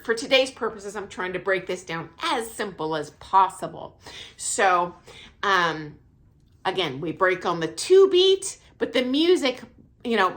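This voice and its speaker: A middle-aged woman, a dance teacher, explaining music counts in a casual, friendly way, with a high, light voice and frequent laughs. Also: a bit bright. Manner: counts beats aloud, self-deprecating, laughs often. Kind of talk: casual instructional talk. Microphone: camera mic, filming herself.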